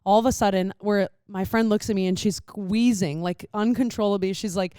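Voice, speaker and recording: A woman's voice: mid-range voice, fairly quick, smooth, no room sound, studio quality. A young woman co-hosting a podcast, telling stories in casual chat with lots of fillers. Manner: animated storyteller, lots of "like". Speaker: podcast co-host.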